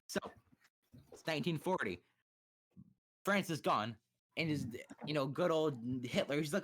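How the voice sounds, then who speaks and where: A man's voice: a little high, expressive, takes it slowly, long pauses, a bit bright. A young man streaming live, giving a crude, sarcastic and rambling rundown of history with many restarts. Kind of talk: profane comedic history rundown. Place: home streaming setup.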